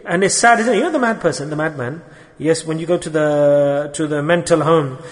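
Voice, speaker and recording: Man, high-pitched, sermon, rhetorical questions, long hall echo. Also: brisk. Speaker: speaker at a religious gathering.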